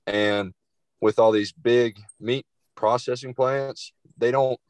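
A young man, a cattle farmer guest, answering interview questions in a halting way with many restarts. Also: fairly low pitch, no echo, poor audio.

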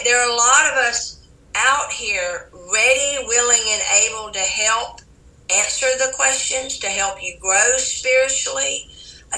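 A Southern American woman, a psychic medium as a podcast guest, talking in an earnest, gentle spiritual way with frequent restarts. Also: mid-range voice. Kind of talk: casual interview talk. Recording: echoey room, distant from the mic.

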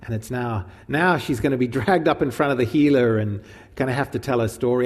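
A man's voice: mid-range voice, brisk, gravelly, breathy edge, long reverb tail. A man teaching from the Bible in an informal, conversational sermon, asking his listeners questions as he goes. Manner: animated, informal, asks the audience questions. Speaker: preacher teaching from the Gospel.

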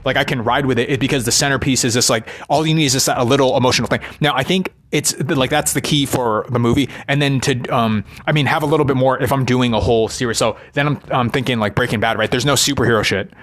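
A man's voice: mid-range voice, fast talker, hardly any pauses, fairly bright tone. Rambling, profane man riffing on films. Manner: rambling, profane, constant "right?" tags. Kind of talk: rambling casual monologue.

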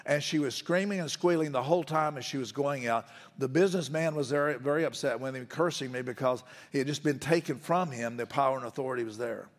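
A man's voice: medium pitch, fast, in a large hall. A man preaching a sermon as a pastor, telling a story in a conversational way and building to firm emphasis.

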